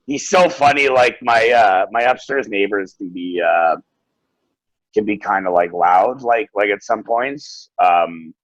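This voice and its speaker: A man's voice: lowish voice, measured pace, no echo, highs cut off. A young adult man, a podcast co-host, telling laid-back stories at home and swearing freely. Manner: doing his toddler's voice in anecdotes. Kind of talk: casual chat.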